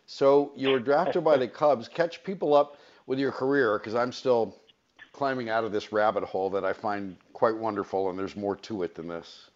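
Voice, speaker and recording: A man's voice: lowish voice, moderate pace. Radio host guy from the valley, rambly questions, a bit muffled sound. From San Fernando Valley, California. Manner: chatty, wordy questions. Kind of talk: sports radio interview.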